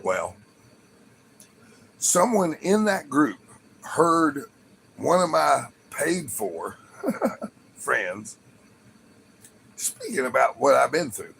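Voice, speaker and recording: A man's voice: mid-range voice, big pitch swings, very slow, vocal fry, long pauses, a bit bright, slight background noise, poor audio. A man livestreaming from home, telling a rambling story to viewers and laughing often. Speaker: livestream host.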